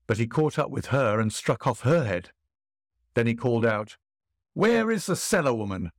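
A man reading an old tale aloud as a podcast narrator, in a measured, dramatic way. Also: on the low side, dry recording, clean studio sound. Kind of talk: storybook reading.

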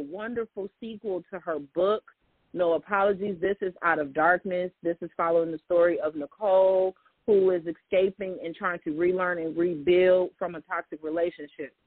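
A man's voice: sits high, fairly even intonation, normal speed, husky, no echo. A man hosting a podcast, chatting casually and giving advice straight to his listeners. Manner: chatty, gives hair tips, often addresses listeners as "y'all". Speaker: podcast host. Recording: tinny phone-like line.

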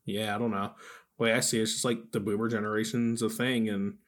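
A man's voice: fairly low pitch, little pitch movement, fast. A man in casual podcast banter, talking in a loose, meandering way. He keeps things jokey and offhand. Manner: rambling, jokey, slips into silly put-on voices. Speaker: podcast co-host. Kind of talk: casual comedic chat.

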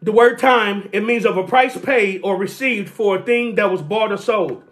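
A preacher delivering a sermon, repeating key phrases, calling for responses and shouting at the peaks. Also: mid-range voice, moderate pace. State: sweating.

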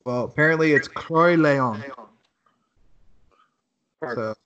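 A man with a medium-pitched voice hosts a casual podcast chat. He jokes easily and acts out stories, slipping into silly voices. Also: slow pace, a bit bright, muffled recording. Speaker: podcast host.

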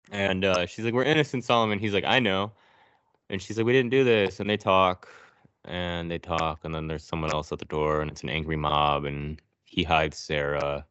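A man's voice: deep voice, a bit bright, clear, resonant tone, no room sound. A man casually recapping a horror movie on a podcast, sarcastic and profane. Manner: sarcastic, profane, narrating scenes. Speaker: podcast co-host.

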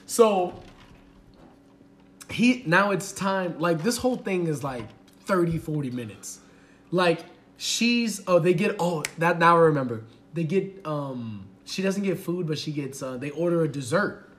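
A man co-hosting a podcast, telling a story in an animated, profane way and acting out the people in it. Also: on the high side, unhurried, a little hiss or hum. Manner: animated, profane, acts out the people in his stories. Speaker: podcast co-host. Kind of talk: casual storytelling chat.

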